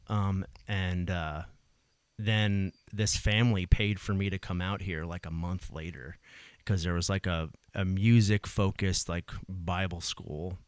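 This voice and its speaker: A man in his forties from New Jersey with a Jersey accent, telling his life story in an animated, casual way. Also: sits low, clear, resonant tone, no echo. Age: 40s. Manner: animated storytelling, acts out voices, swears casually. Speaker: guest, EMS worker. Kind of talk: casual conversation.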